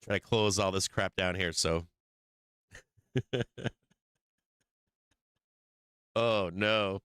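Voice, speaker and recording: Excitable guy hosting a stock stream, swears and laughs, smooth voice, dry mic. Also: sits low, drawn-out words, no echo. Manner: excitable, laughing often, swearing, teasing chat. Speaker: stock market livestream host. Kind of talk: casual live market commentary.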